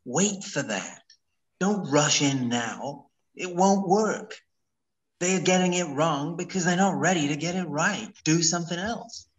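A man doing a slow, deliberate impression of an older American academic in a hammy put-on accent, over a video call. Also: a little high, pitched above the performer's own voice, lightly acted, poor audio. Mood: calm advising. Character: older male American academic giving slow, calm advice.

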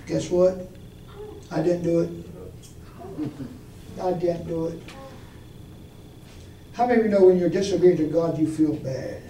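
A man's voice: fairly high pitch, fairly even intonation, measured pace, pauses often, dark tone. A man preaching a storytelling sermon, telling his own testimony in a folksy way and putting questions to the congregation. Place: church. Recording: echoey room from far off, faint noise.

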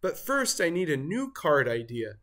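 A storybook reader voicing an excitable male turkey with a high squawky gobbling voice. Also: moderate pace. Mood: eager. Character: excitable male turkey who loves secret valentines. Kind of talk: storybook read-aloud.

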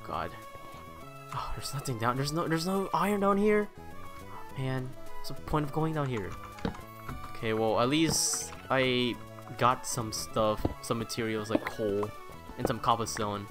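Man, gameplay commentary, excitable, self-mocking, medium voice, clear background music. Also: mid-range voice, a little slow. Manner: excitable, self-mocking, talks to the game's mobs. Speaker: gaming YouTuber.

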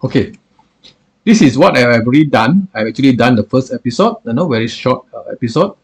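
Male software reviewer, gravelly and husky, stop-start delivery full of fillers. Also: medium pitch, animated. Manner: halting, filler-heavy, repeats "what I call". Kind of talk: screen-recorded software demo.

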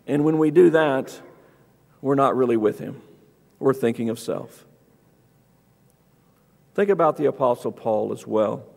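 A man preaching a sermon in a church, reading scripture aloud and acting out the quoted speakers with rising, lively emphasis. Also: a little slow, vocal fry, pauses often. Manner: animated, acts out scripture quotes with raised pitch. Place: church auditorium. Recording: long church hall reverb.

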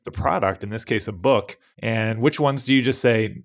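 A man co-hosting a podcast, talking in a relaxed, thoughtful, casual way. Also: lowish voice, moderate pace. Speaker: podcast co-host.

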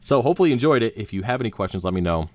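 A man's voice: on the low side, racing, no room sound. A man hosting a hobby channel, casually explaining aquarium care to camera and correcting himself with frequent fillers. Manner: relaxed, self-correcting, frequent "uh" and "um". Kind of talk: casual how-to talk to camera.

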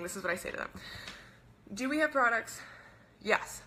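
A young woman coaching online, pitching casually in an upbeat, fast-talking, chatty way and often asking "right?". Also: lively intonation, sharp tone, slight background noise.

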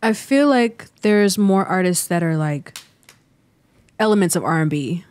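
A woman guest in a studio conversation, talking softly and hesitantly with many pauses and fillers. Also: lowish voice, expressive. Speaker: guest musician. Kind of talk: casual conversation. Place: podcast studio.

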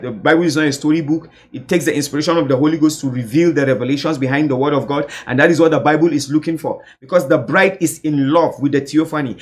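A male evangelist preaching a sermon fervently, building to shouted, repeated calls. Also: a little high.

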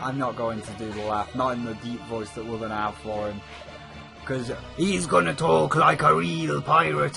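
A man's voice: mid-range voice, normal speed, vocal fry, music in the background. A man giving casual, joking gameplay commentary as a let's play host, into a condenser mic with a pop filter. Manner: chatty, joking. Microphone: USB condenser with pop filter.

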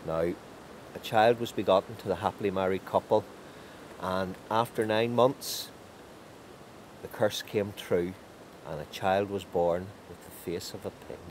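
A man telling a folk tale in a lively, animated way. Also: low voice, unhurried, a little hiss or hum. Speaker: storyteller.

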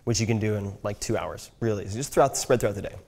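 A man's voice: lowish voice, quick pace, gravelly, a little mellow. A man giving a casual talk on learning languages, checking in with "right?" as he goes. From United States. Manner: conversational, frequent "right?" check-ins. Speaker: speaker teaching language learning.

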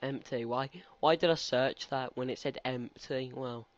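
Young man, teens, casual gaming commentary, chatty and rambling, mid-pitched voice, dull lo-fi sound. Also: steady tone, unhurried. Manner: rambling, chatty, talks back to game characters. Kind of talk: casual let's-play commentary. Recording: slightly muffled lo-fi recording.

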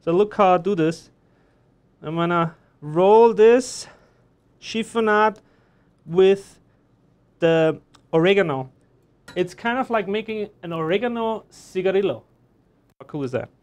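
A man's voice: sits high, expressive, a little slow, pauses often. A man chef teaching a live online cooking class, chatty and joking as he explains each step while he works in a kitchen. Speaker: chef instructor.

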